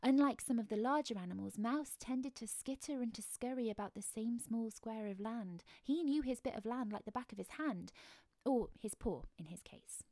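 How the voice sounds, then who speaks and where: A woman telling a story to the listener during an outdoor walk, gentle and often dropping to a whisper. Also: on the high side, normal speed, no echo. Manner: gentle, hushed, speaks to the listener. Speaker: storyteller and guide.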